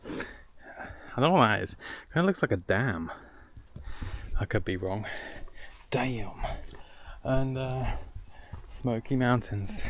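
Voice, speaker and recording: A young man vlogs outdoors while walking around hilltop villages, narrating his travels casually with rambling, jokey asides. His voice is medium in pitch, and there's noise in the background.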